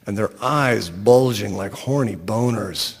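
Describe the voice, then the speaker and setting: A man's voice: lowish voice, unhurried. Man reading a story in a hall. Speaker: author reading his story. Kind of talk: reading a short story aloud.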